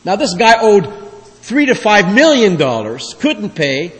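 A man's voice: high voice, sing-song, unhurried, a bit bright. A man preaching a sermon as pastor, emphatic, with his voice swelling and dropping. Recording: long reverb of a large hall.

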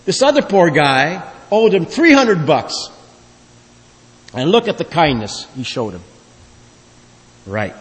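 A man's voice: a little high, big pitch swings, slow, pauses often. A man preaching a sermon as pastor, emphatic, with his voice swelling and dropping. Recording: long reverb of a large hall.

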